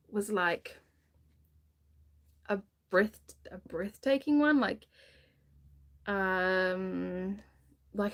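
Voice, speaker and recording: Chatty woman with a higher voice. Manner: chatty and rambling, with many restarts and fillers; gushing enthusiasm about a book. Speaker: book streamer. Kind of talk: casual live book chat.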